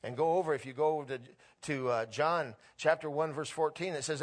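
A middle-aged male pastor with a fairly high voice preaching a sermon. He moves between telling a story and reading scripture aloud, and the scripture reading grows more fervent. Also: a little fast, hardly any pauses. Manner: excitable preaching, reads scripture aloud with rising fervor.

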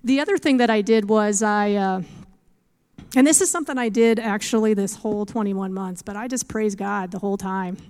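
A woman tells her faith testimony in an earnest, animated way, often breaking into small laughs. Her voice is smooth and clear, at a mid pitch. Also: moderate pace. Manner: earnest, animated storytelling with scripture quotes. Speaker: speaker giving a faith testimony. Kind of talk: testimony talk.

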